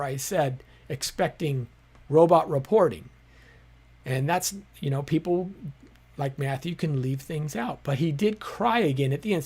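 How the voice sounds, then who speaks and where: Male host for a live teaching stream, conversational and explanatory, fills his pauses often. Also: on the high side, darkish tone, breathy edge. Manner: explanatory, conversational, with many fillers. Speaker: apologetics teacher hosting a live show.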